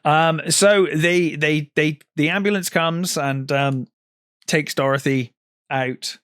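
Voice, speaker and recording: A man's voice: fairly high pitch, steady tone, takes it slowly, a bit bright, clean tone, no echo, clean studio sound. A man co-hosting a film podcast, retelling scenes in a casual chat with lots of ums and acted-out quotes. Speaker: podcast co-host.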